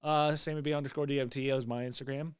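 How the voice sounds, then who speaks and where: A man's voice: medium pitch, steady tone, quick pace, noisy background. A man co-hosting a podcast, casually chatting through a review and swearing freely. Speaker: podcast co-host.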